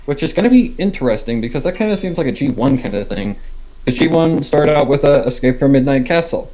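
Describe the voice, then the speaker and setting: A man's voice: medium pitch, lively intonation, fast talker, warm tone, rough recording. A man chatting casually on a fan panel, rambling with fillers and laughing often. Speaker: YouTube reactor, panelist.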